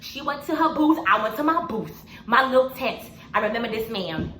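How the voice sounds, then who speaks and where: A young woman in her twenties casually telling a personal story to camera, animated and laughing often as she acts out what people said. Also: fairly high pitch, moderate pace. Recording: echoey room with faint noise.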